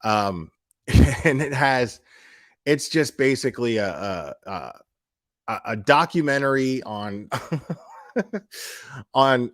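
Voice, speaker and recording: A young man talks straight to his live chat in a blunt, profane rant. He heats up and mocks as he goes, and keeps restarting his sentences. His voice sits at an ordinary middle pitch. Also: fairly bright tone, no echo, studio quality. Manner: blunt, profane, heated and mocking; repeats and restarts words often. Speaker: YouTube commentary streamer. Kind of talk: casual live-stream commentary.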